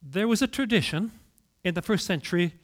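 Male preacher, high and lively pitch, dramatic storytelling sermon delivery. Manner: storytelling with dramatic pauses and swings in loudness.

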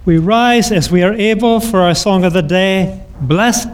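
A man preaching a sermon in a measured, liturgical cadence, ending in a blessing. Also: high-pitched, clean tone. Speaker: pastor.

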